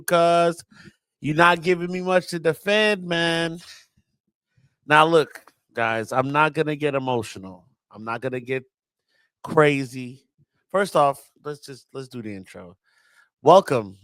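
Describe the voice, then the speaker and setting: A man's voice: mid-range voice, fairly bright tone, no echo. Southern guy venting about his team, slangy, keeps repeating himself, dry close sound. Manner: exasperated, slangy and emphatic, repeats words. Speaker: football reaction host. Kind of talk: casual fan rant.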